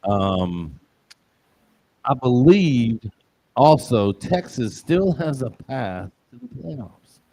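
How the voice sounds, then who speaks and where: A man's voice: medium pitch, very animated, drawn-out words, pauses often, mellow. A man co-hosting a casual football picks show, joking and rambling with punchy asides. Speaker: show co-host. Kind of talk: casual sports betting chat.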